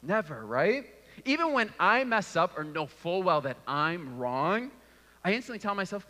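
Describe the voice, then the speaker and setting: A man in his thirties preaches from the pulpit, his voice bright and slightly high. He tells stories with wide swings of pitch, acting out the people in them. The sound rings with the long reverb of a church hall. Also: normal speed. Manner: animated storytelling with acted-out voices. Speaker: pastor. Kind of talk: sermon. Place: church auditorium.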